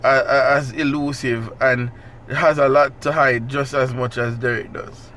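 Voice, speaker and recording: Man, casual podcast chat, agreeable, mid-pitched voice. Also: fairly even intonation, a little slow, fairly bright tone, slight background noise. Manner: agreeable, laughs easily, repeats phrases. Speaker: podcast co-host.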